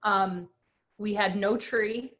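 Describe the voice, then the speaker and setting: A woman's voice: medium pitch, slow pace. A woman in her thirties, a guest speaker, telling her personal story with emphatic energy and acted-out quotes. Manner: animated, emphatic, acts out quotes.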